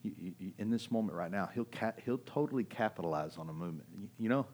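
Conversational middle-aged male preacher, low-voiced. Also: fast, husky. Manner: conversational preaching, swinging from loud and urgent to hushed; keeps asking "right?" to the audience. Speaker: pastor. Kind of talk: sermon.

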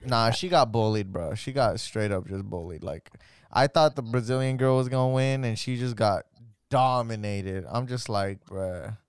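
A young man hosting a casual podcast chat, excitable and slangy, full of "bro" and exclamations. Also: on the low side, moderate pace, clear, resonant tone, no echo, clean studio sound. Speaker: podcast co-host.

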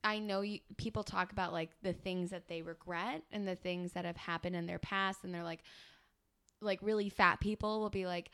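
A woman's voice: on the low side, fairly quick, a bit bright, clean tone. A young woman improvising comedic banter, dramatic and self-absorbed, rambling with lots of filler words.

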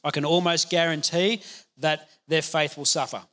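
A man pastor giving a conversational, energetic sermon, laughing now and then. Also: a little high, normal speed.

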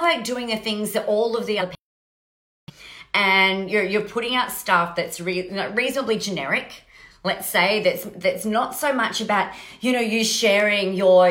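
With a mid-range, slightly bright voice, a woman podcast host delivers a casual motivational monologue in a roomy, echoing space. She's chatty, often tacks on "right?", restarts phrases, and swears casually.

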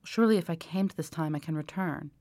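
Woman voicing a wounded young nobleman soldier, haughty, commanding, low voice, dry sound. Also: fast, darkish tone, dry recording. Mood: insistent. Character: proud young male aristocrat soldier, wounded.

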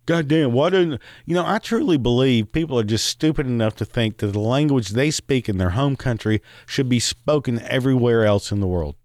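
Male podcast host, angry profane rant, mid pitch, dead-dry close mic. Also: lively intonation, a little fast, few pauses, darkish tone, no echo. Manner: angry, swearing, rambling with laughs.

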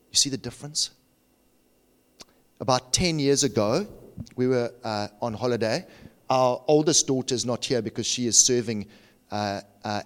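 A middle-aged man preaching a sermon, swinging from quiet, intimate lines to near shouts. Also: mid-range voice. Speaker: pastor.

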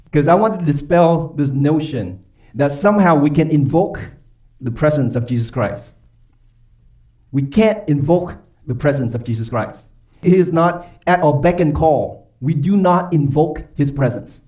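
A man preaching a sermon as pastor, emphatic and quick to pose rhetorical questions to his congregation. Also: fairly high pitch, a little mellow. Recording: voice from far off the mic.

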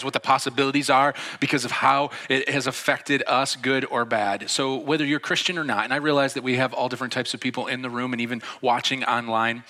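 A man preaching a sermon to a church audience, telling a story in a relaxed, chatty way and acting out the people in it. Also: mid-range voice. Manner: conversational storytelling with laughs and acted-out quotes. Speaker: pastor. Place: church before a live audience.

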